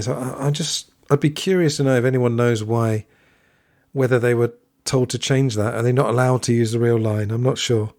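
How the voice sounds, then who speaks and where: Speaking in a mid-range, somewhat mellow voice, a man reviews a film alone on his podcast. The recording is dry and studio quality, and his thoughts wander into reflective tangents and asides.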